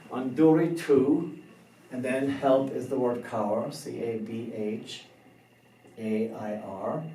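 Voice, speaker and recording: A man teaching a beginner language lesson, slow and careful, spelling out words letter by letter. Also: medium pitch, warm tone, a little hiss or hum. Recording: roomy echo, somewhat far from the mic.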